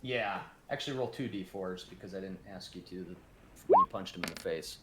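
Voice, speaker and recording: A man narrating as game master of a tabletop game, speaking haltingly with many restarts. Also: low-pitched, lively intonation, heavy background noise.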